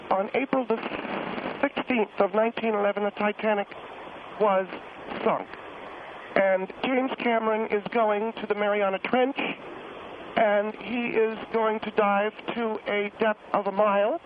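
A man's voice: sits high, pitched above the performer's own voice. A man voicing a prickly, defensive middle-aged woman caller who gets muddled with numbers and takes offense, heard over a phone line. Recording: noisy tinny phone line.

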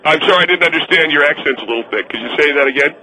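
A man's voice: a little high, rapid-fire, pushed and bright, low-quality recording. A man playing a pompous, brash older male restaurant owner who boasts and rambles indignantly as a radio call-in guest. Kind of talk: comedic radio call-in character.

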